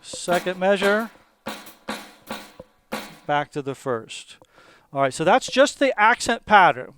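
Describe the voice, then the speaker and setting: Calm, methodical male drum teacher. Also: sits high, clear, resonant tone, dry recording. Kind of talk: instructional explanation.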